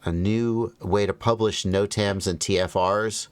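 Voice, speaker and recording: A man's voice: fairly low pitch, fairly even intonation, measured pace, clear, resonant tone, no echo. A man hosting a livestream, reading phrases aloud and commenting wryly as he thinks them through. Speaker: livestream host.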